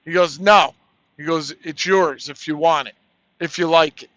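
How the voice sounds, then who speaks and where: Bright high-voiced man telling a blunt story. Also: steady tone, moderate pace, dry recording. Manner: blunt, profane, retells dialogue with "I said". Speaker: truck driver. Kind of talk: casual storytelling rant. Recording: dry, slightly dull lo-fi audio.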